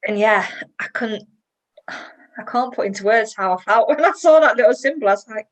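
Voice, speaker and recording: Chatty woman with a higher voice. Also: normal speed, poor audio. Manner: chatty and emotional, laughs often. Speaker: interview guest. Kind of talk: personal interview.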